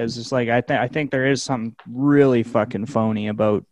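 A man chats loosely on a podcast, circling back on himself and stressing his points. His voice is mid-pitched and sits very dry and close to the mic. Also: steady tone, fairly quick, a little mellow, no room sound. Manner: rambling, emphatic, swears casually. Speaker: podcast host. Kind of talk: casual chat.

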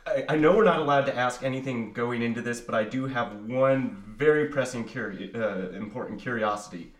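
A man's voice: mid-range voice, fairly quick. Dry, teasing male guest, set back from the mic in an echoey room. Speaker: podcast co-host reader. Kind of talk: casual chat. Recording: roomy echo, far from mic.

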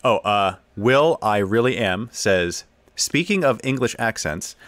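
A man's voice: medium pitch, fairly bright tone, no echo. A man hosting an interview show, reading out viewer comments and answering with brief, easygoing affirmations. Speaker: podcast host.

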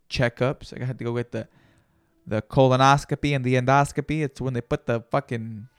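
A man's voice: mid-range voice, creaky, no room sound. A man hosting a solo podcast, talking in a casual, rambling, profane and motivational way. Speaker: podcast host.

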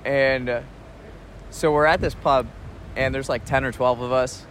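A man talking in a casual spoken travel diary, relaxed and reflective, rambling with restarts and soft chuckles. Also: mid-range voice, a little slow, slight background noise. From United States. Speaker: podcast host.

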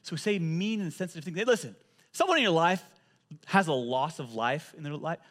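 A male pastor preaching a sermon, telling animated stories and often repeating words as he goes. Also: on the high side, fairly quick.

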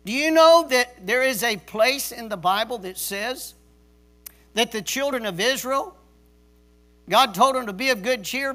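Forceful, stern male pastor preaching. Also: very high-pitched. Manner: emphatic, repeats key words for stress; stern, drill-sergeant tone. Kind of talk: sermon. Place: church service.

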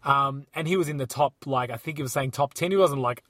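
A man telling a travel story in a casual chat, animated and acting out the people he quotes. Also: mid-range voice, fast, no echo.

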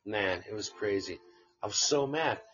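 A man's voice: on the low side, expressive, moderate pace, fairly bright tone, breathy edge, highs cut off, faint music behind. A man casually telling a rambling story on a live stream, swearing freely and laughing along the way. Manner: profane, rambling anecdote with laughs.

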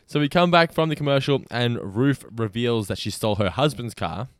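An Australian man co-hosting a casual podcast, quick and quick to laugh. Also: mid-range voice, animated, background noise. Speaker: podcast co-host. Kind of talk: casual chat.

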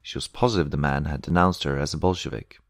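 Very deep-voiced male audiobook reader. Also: fairly even intonation, quick pace, no room sound, clean studio sound. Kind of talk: audiobook narration.

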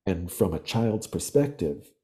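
A man talking as a podcast guest, explaining ideas in earnest, animated storytelling. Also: low-pitched, a little slow. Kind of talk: reflective interview talk.

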